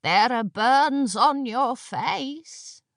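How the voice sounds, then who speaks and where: Ancient witch, old woman, sly, rasping wheeze, very slow and knowing; a woman narrator puts her on. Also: sits high, expressive, a bit bright, no echo, clean studio sound, voice pushed up, full character voice. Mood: sly, croaking. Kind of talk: audiobook character voice.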